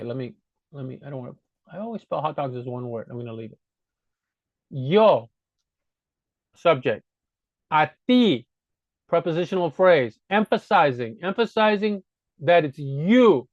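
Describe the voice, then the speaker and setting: A man's voice: a little high, no echo, dull audio. A man teaching a grammar lesson in a casual, explanatory way, often correcting himself and checking in with "right?". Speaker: Spanish teacher. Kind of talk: screen-recorded grammar lesson.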